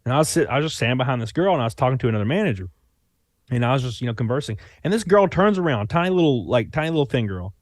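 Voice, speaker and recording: A man's voice: mid-range voice, animated, very fast, no echo, studio quality. A man in his thirties with a Southern US accent, chatting loosely as a podcast guest, rambling and swearing freely. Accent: Southern US (Alabama). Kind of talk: casual chat.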